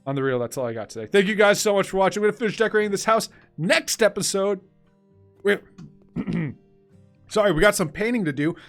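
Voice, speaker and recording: A young man, a gaming YouTuber, tells a casual story over gameplay in an animated way, laughing and swinging between fast and drawn-out delivery. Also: high-pitched.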